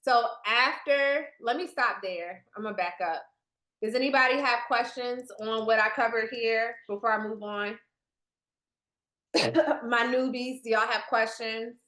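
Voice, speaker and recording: A woman's high-leaning voice, pushed and bright, carries through an echoey room as she leads a business training presentation on a video call for new hires. She goes a little slowly, staying chatty and speaking straight to her audience.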